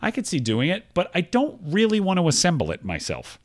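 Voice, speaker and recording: A man co-hosting a podcast, explaining things in casual chat with an animated manner. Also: high voice, a little fast, no room sound, studio quality. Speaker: podcast co-host.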